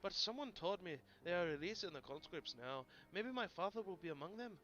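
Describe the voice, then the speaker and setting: Brief: a man playing a jittery young deckhand, bright, stammering, pirate-tinged, lo-fi game stream. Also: high voice, expressive, brisk. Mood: flustered. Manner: stammering, put-on pirate accent. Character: nervous young male apprentice sailor. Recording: dull lo-fi stream audio, faint game music.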